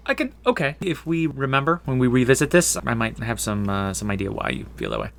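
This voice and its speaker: A man co-hosting a casual movie-review podcast, halting and restarting with goofy interjections. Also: mid-range voice, very animated, gravelly, fairly bright tone, slight background noise. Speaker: podcast co-host.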